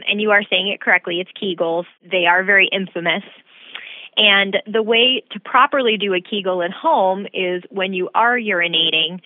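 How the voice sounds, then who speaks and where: A woman physician answering interview questions in a measured, explanatory way. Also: fairly low pitch, no echo. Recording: tinny phone-like dry sound.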